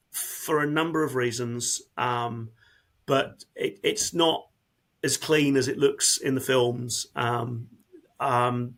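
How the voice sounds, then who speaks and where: A man in emergency service speaking candidly in an interview, earnest and halting, often repeating words as he talks. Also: mid-range voice, a bit bright.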